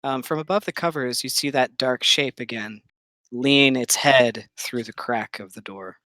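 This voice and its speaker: A game master narrating a tabletop game and laying out each creepy detail slowly, with pauses between the beats. The voice sits at an ordinary pitch and is recorded dry and close, with no room around it. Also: sharp tone, no echo, rough recording. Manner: slow, suspenseful scene-setting with pauses.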